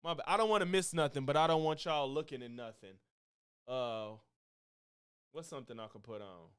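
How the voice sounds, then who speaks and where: A man streaming a casual reaction to a podcast, animated, thinking aloud and using a lot of slang. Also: medium pitch, brisk, clean tone, dry recording, studio quality.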